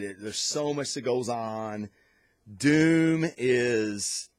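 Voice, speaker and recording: A man's voice: on the low side, no room sound, clean studio sound. A man hosting a podcast, giving an enthusiastic, rambling review of comic books with lots of restarts and fillers. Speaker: podcast host. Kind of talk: casual comic book review.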